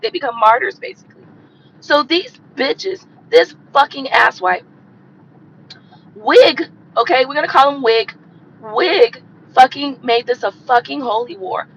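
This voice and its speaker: Woman streamer with a cold: hoarse, gravelly, bright-edged voice, blunt and profane, hammering the same points over dull lo-fi audio. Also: sits high, a little hiss or hum. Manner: blunt, profane, repeats herself for emphasis. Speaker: tarot reader hosting a livestream. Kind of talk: profane rant on a live stream.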